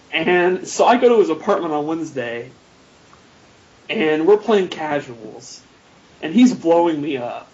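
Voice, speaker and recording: A man telling stories on a casual podcast, laughing at himself often. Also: fairly high pitch. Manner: laughing, self-mocking storyteller. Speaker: podcast guest player. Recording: muffled lo-fi podcast audio.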